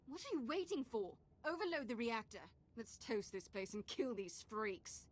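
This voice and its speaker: Scornful, bloodthirsty Sith fighter. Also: female voice, on the high side, big pitch swings, normal speed, dry recording. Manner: scornful, aggressive. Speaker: companion character.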